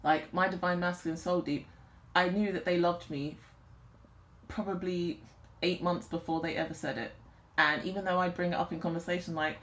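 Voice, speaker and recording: A woman's voice: on the low side, fairly even intonation, brisk, echoey room. A woman giving a channelled tarot reading, speaking earnestly and close to tears. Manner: earnest, emotional, on the verge of tears. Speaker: tarot reader.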